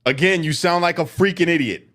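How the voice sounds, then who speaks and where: A man's voice: fairly high pitch, fairly quick, fairly bright tone. A man commenting sarcastically on protest clips, mocking and emphatic.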